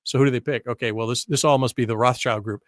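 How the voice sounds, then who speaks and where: A man's voice: medium pitch, fairly even intonation, fast, no room sound, studio quality. An American man presenting history in a casual lecture over slides, chatty and full of tag questions and restarts.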